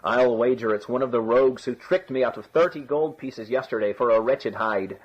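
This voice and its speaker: A man's voice: mid-range voice, normal speed, breathy edge, highs cut off, lightly acted. A man voicing a fat, angry innkeeper who bawls accusations. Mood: bawling. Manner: bawling, accusing.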